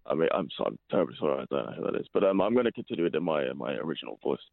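Deadpan teen caller, very deep. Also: male voice, very fast, creaky, no echo. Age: teens. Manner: deadpan, hesitant, put-on deep voice. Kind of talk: deadpan joke telling. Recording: tinny phone line.

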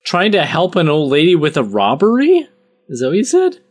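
A man co-hosting a comedy podcast, tossing in quick jokes and guesses in casual chat. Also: on the high side, wildly swooping pitch. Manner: quick, joking banter. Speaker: podcast co-host.

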